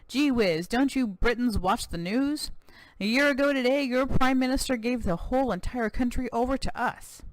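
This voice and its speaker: A let's-play narrator voicing a brash, folksy male cowboy governor who drawls and boasts loudly. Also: medium pitch, moderate pace, few pauses, no echo, pitched above the performer's own voice, natural voice. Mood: boastful.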